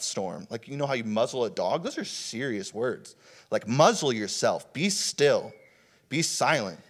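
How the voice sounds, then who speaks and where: Casual young male preacher. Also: medium pitch. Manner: conversational, casual preaching with many fillers. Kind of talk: sermon.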